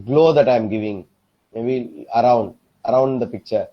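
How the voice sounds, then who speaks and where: A man teaching a software design lesson, often repeating himself and asking if the class is following. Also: medium pitch, measured pace, muffled recording. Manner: repetitive, keeps checking "am I clear?". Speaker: design instructor. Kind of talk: screen-recorded software tutorial.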